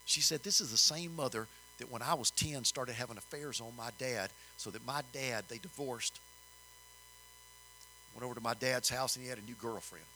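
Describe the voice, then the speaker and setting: An older man telling a story in a sermon, folksy and animated, rising in emphasis. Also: medium pitch, normal speed, a little hiss or hum, low-quality recording. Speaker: preacher.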